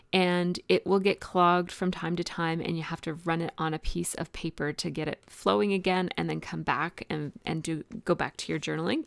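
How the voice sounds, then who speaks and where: A woman narrates her craft video in an easy, rambling way, stopping often to restart a thought. Her voice sits on the low side with a gravelly fry. The recording is close and dry, with no room sound. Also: no echo. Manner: chatty, rambling with frequent ums and restarts. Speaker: art journaling vlogger. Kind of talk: casual voice-over tutorial.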